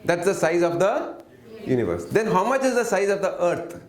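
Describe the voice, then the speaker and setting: A workshop teacher leads an interactive lesson, often asking the audience questions, coaxing them to answer, and waiting for replies. His voice is high and very animated at a moderate pace, recorded in an echoey room.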